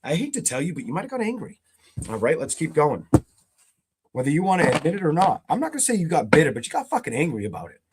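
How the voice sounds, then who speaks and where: A man's voice: medium pitch, very noisy. A man giving a tarot reading for a zodiac sign, talking bluntly and swearing a lot as he gets worked up. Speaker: tarot reader.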